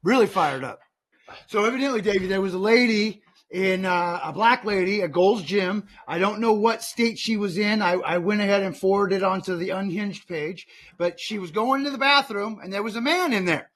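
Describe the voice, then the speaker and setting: A man's voice: high voice, normal speed, a bit bright. A man in his fifties hosting a political podcast, ranting heatedly, often repeating words and restarting sentences. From United States. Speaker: podcast host.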